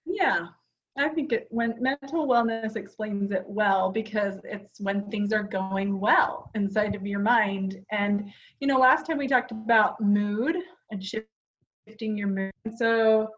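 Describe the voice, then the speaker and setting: A woman's voice: medium pitch, slow pace. Chatty woman podcaster on a dull recording. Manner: chatty and earnest, with frequent fillers. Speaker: podcast co-host. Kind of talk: casual chat.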